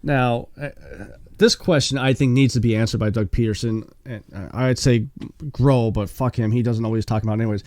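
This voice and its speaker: A man's voice: medium pitch, fairly even intonation, darkish tone, no room sound. Guy cohosting a sports podcast, rambly, lots of restarts, dry close sound. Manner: rambling, halting with restarts and quick laughs. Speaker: podcast co-host. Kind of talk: casual sports chat.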